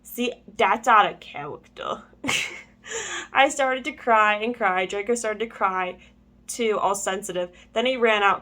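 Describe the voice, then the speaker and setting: A woman's voice: mid-range voice, a little slow, sharp tone. A young woman reading a fan story aloud with comic asides. She laughs often, stumbles over words and goes back to reread them. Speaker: channel host.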